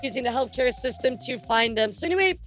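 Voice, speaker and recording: A woman's voice: fairly high pitch, expressive, quick pace, fairly bright tone. A woman streamer giving casual reaction commentary, chatting to her viewers. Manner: chatty, addresses chat directly. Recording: faint music behind. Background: faint music.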